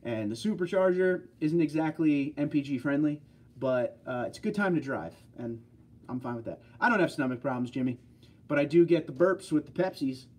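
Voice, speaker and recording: Livestream host, male, raised in New York; mellow, husky voice, chatty and rambling. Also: fairly high pitch, expressive, a little fast. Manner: rambling, chatty, talks straight to viewers. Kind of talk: casual livestream chat answering viewer comments.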